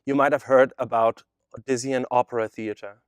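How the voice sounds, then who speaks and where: A boastful chatbot posing as a young Jewish boy from Odessa, read out by a man. The lines come flat and even, at a mid pitch, with dry sound close to the mic. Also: brisk, smooth, dry recording, close to an everyday voice. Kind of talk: reading a chat transcript aloud.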